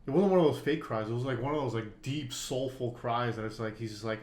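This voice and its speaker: A man's voice: mid-range voice, fast, darkish tone. Guy rambling thru a story on a poker podcast, lots of like and um, echoey room. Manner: rambling storyteller, many fillers and restarts. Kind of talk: casual conversation.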